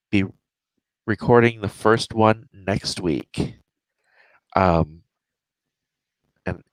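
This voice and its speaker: A man hosting a casual livestream chat as author and editor, laughing often and filling pauses with "uh". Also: sits low, no echo. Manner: laughs often, many fillers.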